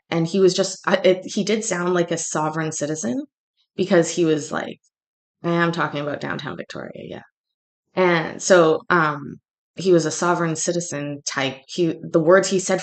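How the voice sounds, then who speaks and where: A woman from Canada with a daughter, telling a rambling story in casual chat, full of restarts and fillers. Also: lowish voice. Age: adult, has a daughter. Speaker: livestream host.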